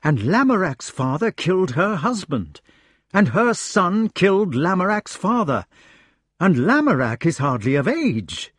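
A man's voice: high voice, very animated, a little slow, slightly rough, no echo, clean studio sound, voice pushed up, full character voice. A man voicing an aging king who is agitated and full of remorse, speaking in urgent, pleading bursts.

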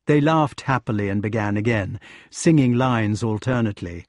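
A man narrating an audiobook with expressive storytelling. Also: fairly low pitch, normal speed, dry recording, studio quality.

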